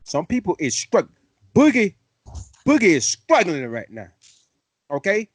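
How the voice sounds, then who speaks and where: A man hosting a sports fan show, excitable and playful, full of slang. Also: high voice, measured pace, no room sound. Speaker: host. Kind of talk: fan sports podcast talk.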